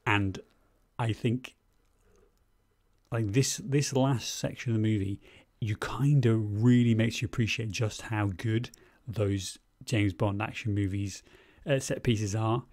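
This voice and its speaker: A man co-hosts a film podcast in a casual, opinionated chat. His voice sits low, and the sound is close and dry with no room around it. He gets animated and swears now and then for emphasis. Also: slow, dry recording. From Scotland. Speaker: podcast co-host.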